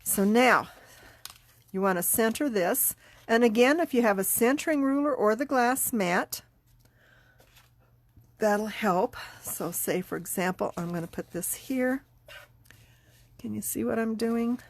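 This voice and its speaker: Congested middle-aged woman, unhurried and chatty, craft tutorial host. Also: a little high, no echo. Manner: chatty, unhurried, talks while working. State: congested, sniffling. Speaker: card-making class teacher.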